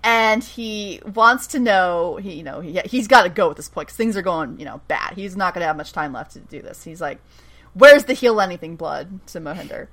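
A woman's voice: on the low side, brisk, few pauses. A woman casually recapping a TV episode, animatedly acting out the characters' lines and laughing often. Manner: animated retelling with quoted dialogue and frequent laughs. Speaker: podcast co-host recapping a TV episode. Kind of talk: casual chat.

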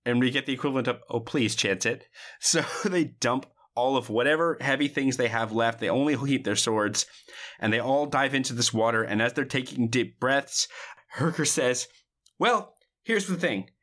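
A woman's voice: very deep voice, normal speed. A woman hosting a podcast, retelling a movie in casual chat and acting out the characters' lines. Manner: animated retelling, quoting characters with laughter. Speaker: podcast host.

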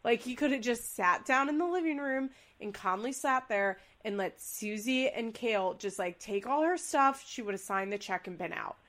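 A woman's voice: on the high side, moderate pace, few pauses. A young woman co-hosting a casual podcast chat, recapping a reality show and acting out quotes with big voices. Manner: animated, acts out quotes with big voices and laughs. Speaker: podcast co-host.

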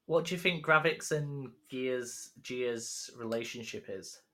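A man in casual podcast chat with a bright, forward tone. He drops in short interjections and sometimes reads facts aloud from his notes. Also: mid-range voice, measured pace. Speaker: podcast co-host.

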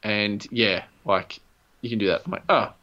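A man's voice: on the low side, normal speed, highs cut off. Swearing man telling a story. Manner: swears often, animated retelling with quoted voices. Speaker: podcast co-host. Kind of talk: casual storytelling chat.

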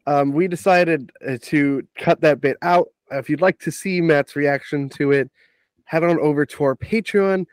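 A man co-hosting a casual podcast, talking in a relaxed way and addressing the listeners directly. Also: on the high side, unhurried, dry recording. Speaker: podcast co-host.

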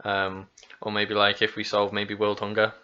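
A man's voice: fairly low pitch, completely flat delivery, moderate pace, pushed and bright. A young man co-hosting a casual podcast, rambling and jokey. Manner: rambling, jokey, laughs a lot. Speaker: podcast co-host. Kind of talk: casual chat. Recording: slightly dull lo-fi sound.

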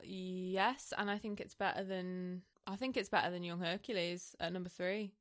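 A woman's voice: fairly low pitch, fairly even intonation, a bit bright. A woman co-hosting a podcast, chatting casually and laughing often. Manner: giggly, quick to laugh. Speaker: podcast co-host. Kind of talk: casual chat.

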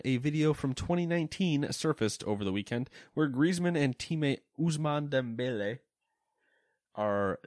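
A man's voice: mid-range voice, dry recording, studio quality. A man hosting a podcast, reading news items and making wry, joking asides in casual chat. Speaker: podcast host.

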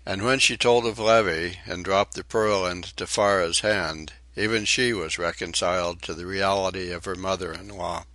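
A man reading a short story aloud in a measured, even storytelling way. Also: low voice, dry recording. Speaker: audiobook reader. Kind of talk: audiobook narration.

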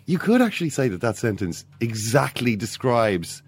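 A man's voice: mid-range voice, very animated, normal speed, husky. A man hosting a casual football discussion podcast, talking in a rambling way with many fillers and restarts. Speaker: podcast host.

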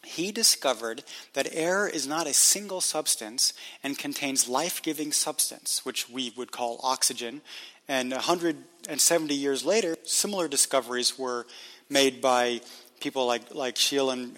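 A man's voice: mid-range voice, normal speed, bright, forceful tone, long reverb tail. A man co-hosting a casual history podcast, explaining at length with frequent restarts. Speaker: podcast co-host.

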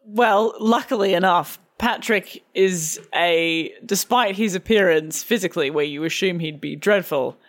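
A woman's voice: fairly low pitch, unhurried, few pauses. Playful woman narrating a tabletop game. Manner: playful, giggly. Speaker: game master.

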